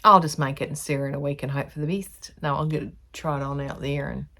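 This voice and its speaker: A woman's voice: low-pitched, steady tone, fast talker, creaky, bright, forceful tone. An Australian woman chatting casually as she teaches sewing, rambling between topics. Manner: rambling, chatty, self-aware. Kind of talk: casual chatty tutorial vlog.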